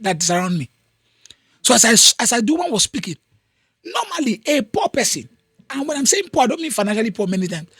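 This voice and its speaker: A man's voice: very high voice, a bit bright, slightly rough, dry recording, studio quality. A man with a Nigerian accent hosting a podcast, giving an emphatic motivational talk and repeating phrases for weight. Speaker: podcast host.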